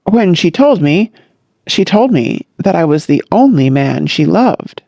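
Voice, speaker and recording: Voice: medium pitch, big pitch swings, measured pace, gravelly, mellow, dry recording, studio quality, heavily acted. A narrator voicing a modest, earnest young man who speaks hesitantly.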